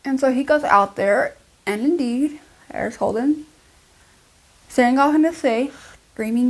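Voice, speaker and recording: A young woman with a somewhat high-pitched voice tells a long story in a casual, chatty way. She fills it with "like" and asides and keeps it animated as she does her makeup. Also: normal speed. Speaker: beauty vlogger.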